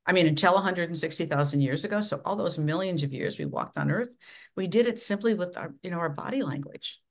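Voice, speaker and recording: A middle-aged woman from Minnesota, a leadership coach giving measured, instructive advice as a podcast guest. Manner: measured, instructive, dramatic swings of pitch and volume. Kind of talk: podcast interview.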